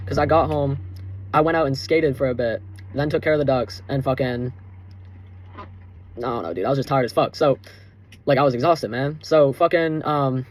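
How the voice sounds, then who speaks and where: Fast-talking young man ranting casually. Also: mid-range voice. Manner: profane, rambling, heated. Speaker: vlogger. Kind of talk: casual storytelling rant.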